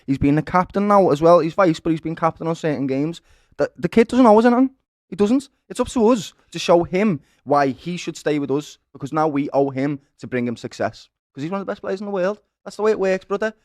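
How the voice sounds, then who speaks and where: Fast-talking Scouse man, passionate fan. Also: a little high, expressive, darkish tone, dry recording, studio quality. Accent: Liverpool (Scouse). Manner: passionate, emphatic, keeps calling others "lad" and "brother". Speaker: football fan-channel co-host. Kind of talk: animated football fan discussion.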